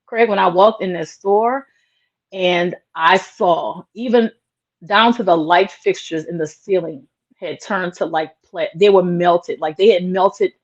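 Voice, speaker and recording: Unhurried and fairly low in pitch, a small business owner shares a personal story as a guest in an interview, earnest and emotional, her speech peppered with "like." The audio is dull and lo-fi.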